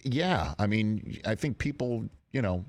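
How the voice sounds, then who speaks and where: A man's voice: lowish voice, lively intonation, a little slow. A middle-aged man with a slight New York accent hosting a sports talk show, chatty and interviewing a guest in the studio. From Staten Island, New York.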